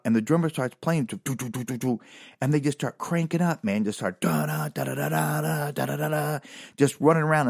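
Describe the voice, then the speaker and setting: A man's voice: medium pitch, no echo, clean studio sound. A man casually telling a rambling, funny anecdote, laughing now and then. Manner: animated, rambling, laughs at his own story. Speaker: storyteller.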